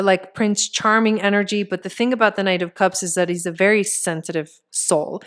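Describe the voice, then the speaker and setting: A woman's voice: mid-range voice, smooth. A woman giving a casual tarot reading, talking straight to the viewer in a chatty way with many filler words. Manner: speaks straight to the viewer as "you". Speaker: tarot reader and astrologer.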